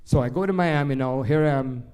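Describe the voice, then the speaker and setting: Older Jamaican man, warm mellow tone, loose rambling storyteller, speaking to a live audience. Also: mid-range voice, fairly quick, clean tone. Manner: rambling, animated anecdotes with many restarts. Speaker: jazz pianist and storyteller.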